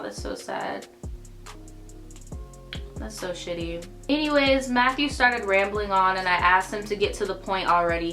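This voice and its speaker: A woman's voice: mid-range voice, bright, forceful tone. A young woman hosting a storytime channel, reading viewer stories aloud and cutting in with blunt, profane commentary. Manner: sassy, blunt, profane asides.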